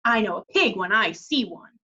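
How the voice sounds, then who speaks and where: A woman reading aloud, voicing a bossy older woman who shouts and scolds. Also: mid-range voice, lively intonation, normal speed, husky. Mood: shouting. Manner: loud, scolding. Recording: dull lo-fi recording.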